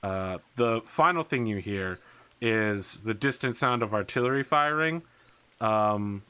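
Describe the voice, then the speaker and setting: A man runs a tabletop wargame as game master, speaking in a lowish voice with a bright, forceful edge. He talks in a laid-back way, thinking aloud with plenty of fillers. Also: lively intonation, a little slow, smooth.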